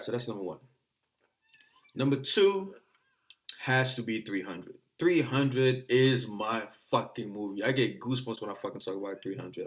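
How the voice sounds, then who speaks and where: A young man vlogging in a casual chat, rambling and excitable, swearing often. English is not his first language. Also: low-pitched.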